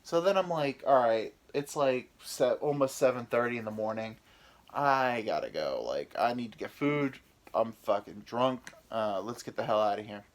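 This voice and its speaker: A man's voice: mid-range voice, lively intonation, moderate pace. Rambling American man telling a story. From United States. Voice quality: rambling, profane, self-mocking. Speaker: podcast host. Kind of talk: casual comedic storytelling.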